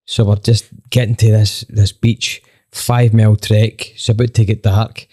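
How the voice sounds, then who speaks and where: Low, mellow man telling a story. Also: level tone, moderate pace. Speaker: band member telling a story. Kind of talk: casual storytelling chat.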